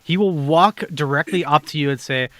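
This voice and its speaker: A man narrating a tabletop role-playing game as game master, pausing with many fillers. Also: on the high side, fairly bright tone.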